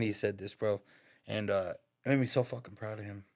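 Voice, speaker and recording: A man's voice: fairly low pitch, fairly even intonation, brisk, gravelly. Slangy man telling a story. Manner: slangy and profane, peppers talk with "dog" and "bro". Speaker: podcast guest, barber. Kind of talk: casual storytelling.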